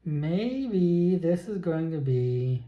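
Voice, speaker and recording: A man narrating a solo tabletop game, thinking aloud with frequent pauses and restarts. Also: fairly high pitch, animated, reverberant, narrow, tinny audio.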